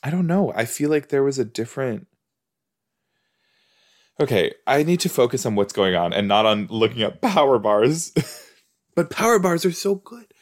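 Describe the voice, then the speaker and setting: A man's voice: medium pitch, animated, moderate pace, long pauses. A man chatting casually on a couch as he reacts to a TV episode, rambling, easily sidetracked and often breaking into exclamations. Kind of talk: casual watch-along chat. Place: indoors on a couch.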